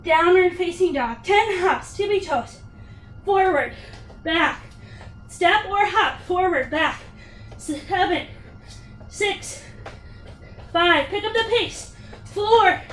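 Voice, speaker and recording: A woman's voice: extremely high pitch, animated, slow, long pauses, a bit bright, reverberant, recorded from a distance, faint music behind. A woman leading a yoga workout class, counting reps and cheering people on with upbeat cues, getting out of breath. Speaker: yoga instructor.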